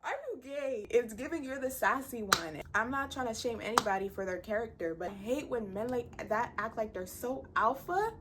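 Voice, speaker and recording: A woman's voice: a little high, animated, normal speed, hardly any pauses, very noisy. A woman giving a blunt, profane, exasperated recap of a reality show. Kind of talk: casual ranting recap.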